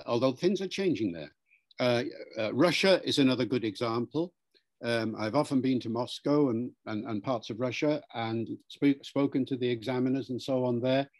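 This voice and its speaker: Man, professor, explanatory, measured, teacherly, mid-pitched, interview guest. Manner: lively storytelling, acts out quoted speakers; measured, lecturing delivery.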